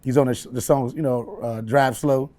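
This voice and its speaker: A man, a comedian telling a story in an interview, animated and laughing often as he acts out voices. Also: medium pitch, moderate pace. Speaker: comedian guest.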